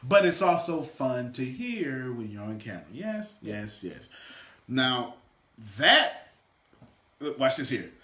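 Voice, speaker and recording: A man giving an energetic motivational teaching talk to a small live audience, swinging from loud shouts to quiet asides. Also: medium pitch, slow. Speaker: motivational coach. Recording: echoey room.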